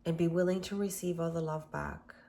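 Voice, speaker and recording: Calm woman leading guided meditation. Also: lowish voice, brisk. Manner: calm, gentle and affirming. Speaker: self-love workshop host.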